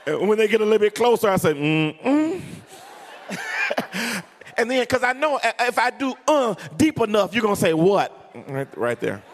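A man preaching a sermon in an animated, humorous, sing-song way. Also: high voice, moderate pace, pauses often. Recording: long hall reverb.

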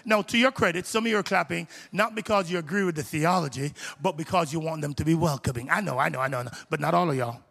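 A man with a high, ringing voice preaches a sermon on stage. He talks to the congregation in an impassioned, conversational way, repeating phrases as he builds. His voice carries a long reverb from a large church hall. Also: quick pace, vocal fry, hardly any pauses, fairly bright tone. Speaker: pastor.

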